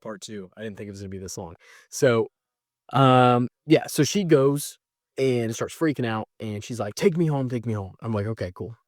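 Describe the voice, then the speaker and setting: A man telling a personal story in a casual, animated way, mocking himself and jumping high when exasperated. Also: normal speed, no echo, studio quality. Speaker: storyteller recounting a breakup.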